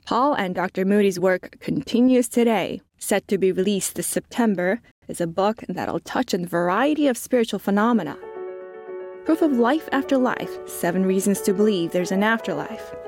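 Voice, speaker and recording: A woman hosting and narrating a show in a smooth, announcing way. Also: mid-range voice, normal speed, a little mellow. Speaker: show host. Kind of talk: scripted narration. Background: music.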